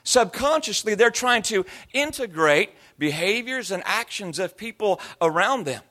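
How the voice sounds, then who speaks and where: Male pastor, 30s-40s, high-pitched voice; conversational sermon full of anecdotes and mimicry. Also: lively intonation, measured pace, bright, forceful tone. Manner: storytelling, slipping into imitated voices and accents.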